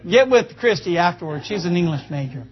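A man's voice: sits high, lively intonation, a little fast, highs cut off. A man preaching a sermon, folksy and joking, asking the congregation for amens. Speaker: pastor. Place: church.

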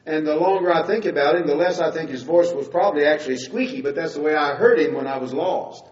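In a distant, roomy, dull-sounding recording, an older male preacher gives his testimony during a sermon. He talks fast in a slightly high voice, telling his story conversationally and rising to emphatic peaks.

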